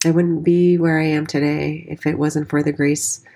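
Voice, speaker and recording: A woman's voice: sits low, little pitch movement, normal speed, creaky, mellow. A woman in her forties, a dance teacher and studio owner, candidly telling her life story and swearing freely. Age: 40s. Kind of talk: personal storytelling monologue.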